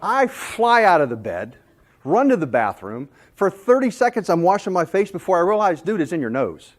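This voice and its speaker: Guy giving a sales talk, jokey and animated, pokes fun at himself. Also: high voice, moderate pace. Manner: animated, jokey, self-deprecating. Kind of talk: storytelling presentation.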